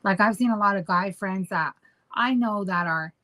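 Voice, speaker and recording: A woman co-hosting a relaxed podcast chat with her husband. She rambles and circles back on her points, and she teases him as she talks. Her pitch sits in an ordinary middle range. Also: moderate pace, poor audio. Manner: rambling, teasing, goes back and forth. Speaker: podcast co-host. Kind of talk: casual chat.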